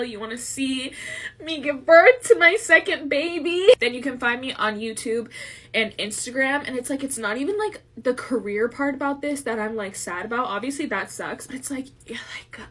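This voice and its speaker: A woman with a high, bright, ringing voice records a tearful farewell to her followers. She is crying, laughing through the tears and repeating her words as the emotion spills over. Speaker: social media creator.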